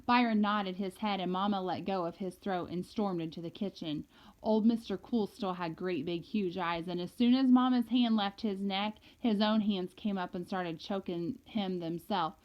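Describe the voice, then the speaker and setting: A woman's voice: medium pitch, moderate pace. Woman reading a first-person novel. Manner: lively storytelling, a boy's casual voice. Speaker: audiobook reader. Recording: dull lo-fi recording.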